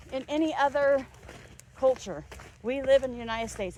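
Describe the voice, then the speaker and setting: A woman's voice: high voice, moderate pace, mellow, a little hiss or hum. A middle-aged woman vlogger delivering a heated, emphatic and sarcastic rant, recorded outdoors while on a walk. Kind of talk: angry rant.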